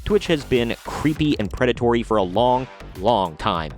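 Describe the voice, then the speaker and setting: A man's voice: mid-range voice, expressive, moderate pace, over loud music. Sarcastic male commentary host. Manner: sarcastic and blunt. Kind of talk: opinionated commentary reading news articles.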